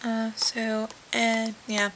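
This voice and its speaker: A young woman chatting into a webcam from her bed, rambling from one aside to the next with lots of fillers. Her voice sits a bit high, and a faint hiss runs under the recording. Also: monotone, extremely slow. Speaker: vlogger. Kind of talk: casual webcam vlog. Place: sitting in bed at home.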